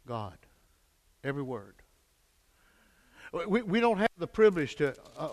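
An older man preaching a fervent sermon, swinging from hushed lines to shouted peaks and calling for answers from the congregation. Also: a little high, expressive, takes it slowly, long pauses. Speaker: pastor. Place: church sanctuary. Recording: echoey church hall.

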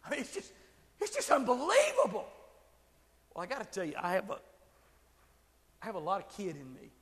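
High-voiced preacher in a reverberant hall. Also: male voice, fast. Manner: animated storytelling, rising to shouted emphasis. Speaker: pastor. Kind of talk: sermon.

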